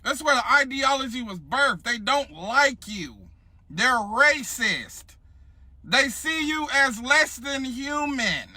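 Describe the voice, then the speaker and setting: Guy ranting hard and cussing, super high sharp voice. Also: animated, slow, no room sound. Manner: heated, profane ranting. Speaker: commentator in a clip. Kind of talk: ranting commentary.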